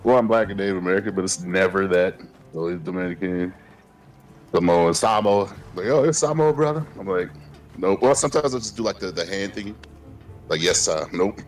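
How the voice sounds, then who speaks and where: A man's voice: sits low, fairly quick, faint music behind. A man casually telling stories while gaming on a stream, laid-back and profane, laughing often. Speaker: streamer co-host.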